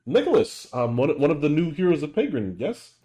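Guy doing a prim church knight lady, raised pitch, formal. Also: big pitch swings, brisk, warm tone. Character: poised woman church knight.

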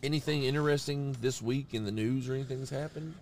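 A man's voice: medium pitch, fast, slight background noise. A man in his thirties hosting a podcast, telling family stories in casual chat and calling his friend bro and man. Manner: animated storyteller, says bro and man. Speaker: podcast host.

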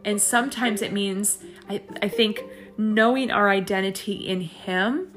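A woman hosts her own podcast, talking on her own casually and encouragingly about faith in a chatty, reflective way full of fillers and restarts. Her medium-pitched voice is steady and a little slow, heard over music.

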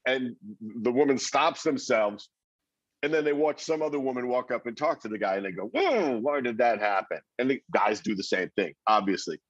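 A man with a husky voice talks through his advice as an interview guest, animated and quick to act out the reactions of strangers. The sound is dry and a little dull, as if from a modest lo-fi setup. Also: medium pitch, no echo. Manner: animated, acts out quoted reactions, repeats words. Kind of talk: conversational advice.

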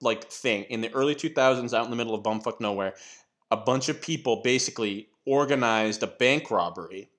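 Man, casual chat, mid-pitched voice, rambling, lots of fillers and restarts, offhand swearing. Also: brisk, fairly bright tone. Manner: swears casually and tells stories animatedly.

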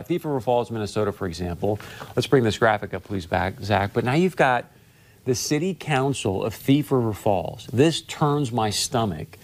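Emphatic male talk show host. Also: medium pitch. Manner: emphatic, repeats key phrases, addresses audience directly. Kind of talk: political commentary monologue.

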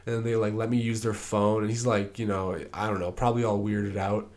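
Laid-back young man, lowish voice. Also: flat delivery, brisk, darkish tone. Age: young adult. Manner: laid-back, rambling, many fillers and restarts. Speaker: podcast host. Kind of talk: casual solo podcast storytelling.

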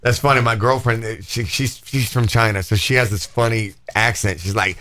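A man hosting an uncensored podcast, telling stories in a rambling, profane, animated way. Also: lowish voice, moderate pace, few pauses. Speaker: podcast host. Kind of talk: uncensored casual podcast chat.

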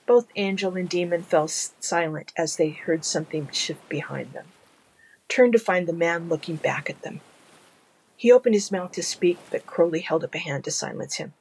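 Gravelly, husky audiobook narrator. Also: rough recording. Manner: measured, low-key storytelling.

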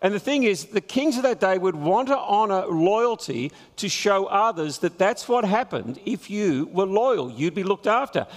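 A man preaching a sermon, retelling a scripture story with lively storytelling and chuckles at his own jokes. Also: high voice, moderate pace, hardly any pauses, long reverb tail.

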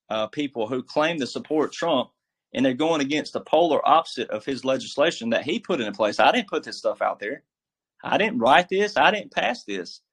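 A man's voice: fairly high pitch, fairly bright tone. A man giving casual political commentary as a guest, emphatic and preachy, with a folksy, filler-heavy way of talking. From military background.

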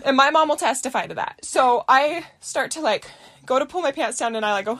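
A woman's voice: high voice, quick pace, dry recording. A young woman co-hosting a podcast, telling a story with laughter and acting out quoted voices. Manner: animated, laughing, acts out quotes. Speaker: podcast co-host. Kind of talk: casual storytelling chat.

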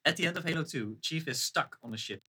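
A man with a bright, somewhat husky voice hosts a loose, casual quiz. He reads out oddly translated quotes and laughs along with his friend. His tone is easygoing and conversational. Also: fairly high pitch, animated, fast. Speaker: quiz host. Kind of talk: casual chat.

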